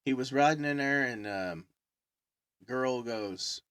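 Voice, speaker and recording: A man chatting casually, laughing and retelling stories with lively voices. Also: mid-range voice, slow pace, clean tone, no room sound. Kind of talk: casual chat.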